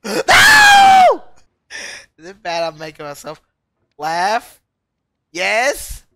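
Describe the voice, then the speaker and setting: A woman's voice: fairly low pitch, expressive, takes it slowly, a bit bright, no room sound, studio quality. A woman streaming a frustrating climbing game, yelping yes and no, laughing and shrieking at every setback. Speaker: VTuber streamer. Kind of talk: reactive gameplay commentary.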